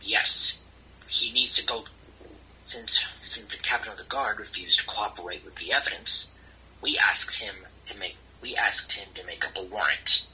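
A man's voice: fairly low pitch, moderate pace, sharp tone, breathy edge, rough recording. A man playing his character in a tabletop role-play, explaining himself with stammering, repeated restarts. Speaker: player.

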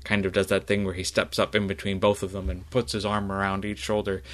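A man with a fairly low voice narrates a tabletop game as its game master. He speaks haltingly and keeps reaching for words with fillers. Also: flat delivery, fairly bright tone.

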